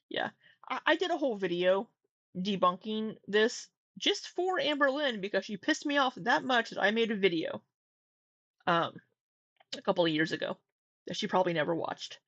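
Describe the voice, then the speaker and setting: A woman's voice: medium pitch, sing-song, moderate pace, fairly bright tone, no room sound, muffled recording. A woman hosting a casual livestream, talking candidly, swearing now and then and getting exasperated. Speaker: livestream commentary host.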